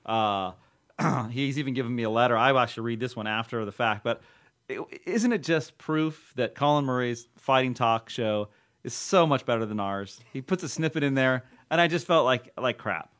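A man's voice: medium pitch, normal speed, fairly bright tone. A man hosting a casual comedy podcast, joking around and reading listener mail aloud. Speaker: podcast host.

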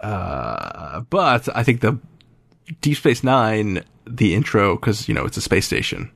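A man's voice: on the low side, big pitch swings, slow, vocal fry, a bit bright, no room sound. A man hosting a podcast, chatting casually and rambling with frequent filler sounds. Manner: rambling, many uh fillers, wry. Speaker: podcast host.

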